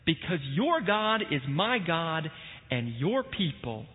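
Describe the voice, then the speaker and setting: A man voicing a devoted young widowed woman, speaking slowly and earnestly in a tinny, echoing hall. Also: on the high side, sing-song. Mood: resolute. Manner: slow, solemn and earnest. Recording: tinny phone-like sound in a reverberant hall.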